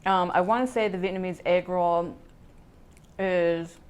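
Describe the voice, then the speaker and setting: A woman guest chatting casually and warmly about food she loves. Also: lowish voice, fairly even intonation, unhurried, clear, resonant tone. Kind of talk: casual chat.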